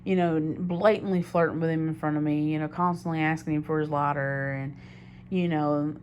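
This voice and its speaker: A young woman with a notably low voice tells a personal story straight to the camera. She rambles candidly and keeps doubling back mid-sentence, with a faint hiss under her voice. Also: steady tone, normal speed, a little mellow, highs cut off. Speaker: diary vlogger. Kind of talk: confessional storytelling monologue.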